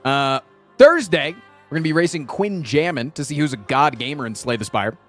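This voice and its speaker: A man's voice: fairly high pitch, lively intonation, moderate pace, fairly bright tone, faint music behind. Joking, profane young streamer guy. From Virginia. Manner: jokey, profane, mock-indignant rants. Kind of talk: casual live-stream chat.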